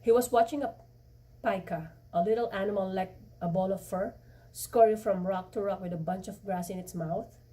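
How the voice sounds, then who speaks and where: A woman reads a novel chapter aloud in a mellow, soft-edged voice. She stumbles now and then and restarts lines. Her voice sits a little back from the microphone. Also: mid-range voice, far from the mic. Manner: halting, with restarts and slips. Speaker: reader.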